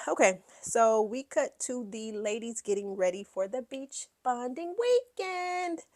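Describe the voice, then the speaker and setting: A woman's voice: fairly high pitch, lively intonation, measured pace, a little mellow. A woman hosting a reality TV recap, talking bluntly and with plenty of profanity. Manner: acts out quoted lines in put-on voices. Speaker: podcast host.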